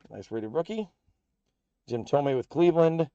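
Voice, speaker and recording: A man with an American accent hosts a live card break and rattles off the player and team for each pull in an upbeat, running patter. His voice is mellow and a little dull in tone. It sounds close and dry, with no room around it. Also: medium pitch, normal speed, dry recording.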